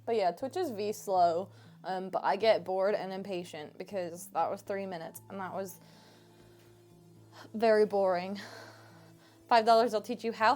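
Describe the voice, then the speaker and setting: A woman's voice: mid-range voice, unhurried, long pauses, darkish tone. Woman streamer, casual teasing chat from home on a desk mic, faint music underneath. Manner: playful, teasing, laughs often. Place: home room. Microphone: desk microphone.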